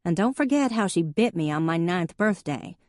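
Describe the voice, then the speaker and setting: A woman's voice: on the low side, lively intonation, normal speed, darkish tone, dry recording, studio quality, natural voice. Southern accent, drawling, brash young woman vet, teasing sister, read by a woman. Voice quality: drawling good-old-boy put-on voice.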